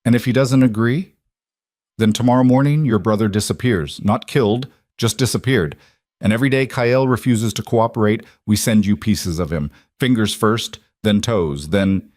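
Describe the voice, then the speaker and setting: A man voicing an older male crime boss who threatens calmly and with cold amusement. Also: lowish voice, dry recording, clean studio sound. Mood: menacing. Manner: calm, measured threats.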